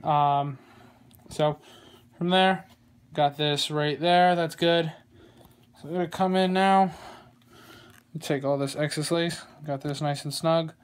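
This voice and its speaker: A man giving a casual how-to tutorial on a glove, relaxed and rambling, with plenty of fillers and small jokes. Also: a little high, slow pace, long pauses, smooth. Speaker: glove maker demonstrating lacing. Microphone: phone camera.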